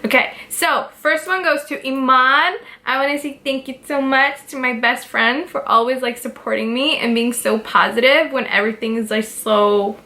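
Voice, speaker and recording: A woman's voice: sits high, fairly even intonation, normal speed, hardly any pauses, pushed and bright. A young woman talking casually to her camera as a beauty vlogger, direct and giggly, filling her talk with "like". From Pakistani roots. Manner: chatty, direct, giggly, lots of "like".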